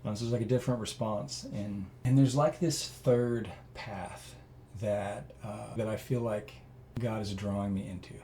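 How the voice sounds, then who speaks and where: A man's voice: on the low side, measured pace, slight background noise. Earnest man rambling through a personal story. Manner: earnest, rambling, with many fillers and restarts; grows loud and animated when telling emotional parts. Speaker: interview guest.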